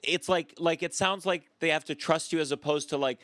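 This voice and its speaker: A comedy podcast host with a slightly high voice chats casually, tossing in quips and questions. The sound is dry and close-miked. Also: male voice, fairly even intonation, a little fast, a bit bright, no room sound. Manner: joking interjections and questions. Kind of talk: casual chat.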